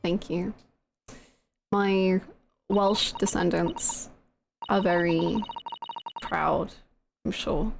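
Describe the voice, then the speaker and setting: A woman's voice: on the low side, fairly even intonation, very slow, creaky, long pauses. A woman streamer chatting casually and laughing at herself while she plays a video game, with game music behind. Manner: giggly, self-deprecating chatter.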